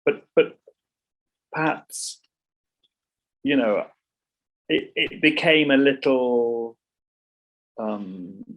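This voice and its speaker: A man's voice: mid-range voice, lively intonation, very slow, long pauses, rough recording. A middle-aged man, a songwriter talking casually in an interview, rambling with many restarts and repeats. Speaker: songwriter guest.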